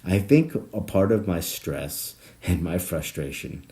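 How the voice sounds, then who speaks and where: A man with a lowish voice hosts his own podcast alone, talking slowly and rambling from one tangent to the next. His pitch swings widely, from low mutters to loud, excited bursts, and he swears and laughs constantly. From South Florida. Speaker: podcast host. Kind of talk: rambling solo podcast monologue.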